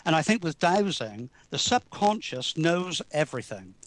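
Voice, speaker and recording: Male guest, earnest and halting, slightly raised pitch, dry close mic. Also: very animated, no echo. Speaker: guest researcher. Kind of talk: casual talk show chat.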